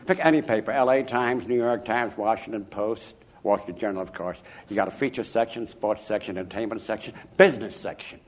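An older man from Chicago, an author interviewed about his life, telling anecdotes in an emphatic, animated way. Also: on the low side, a little fast, hardly any pauses. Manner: animated, emphatic, chuckling raconteur. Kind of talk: anecdotal storytelling.

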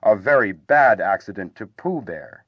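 A man voicing a gentle, muddled young male teddy bear who muses earnestly and bemusedly. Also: mid-range voice, very animated, moderate pace, no room sound. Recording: slightly dull, dry recording.

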